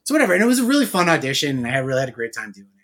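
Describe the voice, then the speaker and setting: A man from Massachusetts, an actor, telling animated stories in a casual podcast chat and laughing often. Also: medium pitch, racing.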